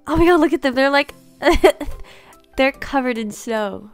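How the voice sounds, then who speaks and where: A woman giving excited first-reaction commentary on a game update, gasping, giggling and repeating herself. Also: sits high, takes it slowly. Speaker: gaming YouTuber. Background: faint background music.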